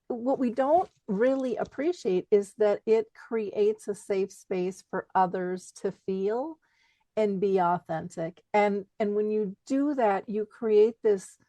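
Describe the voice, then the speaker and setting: A middle-aged woman hosting a podcast interview, talking in a casual, expressive way and laughing easily. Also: mid-range voice, no echo. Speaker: podcast host.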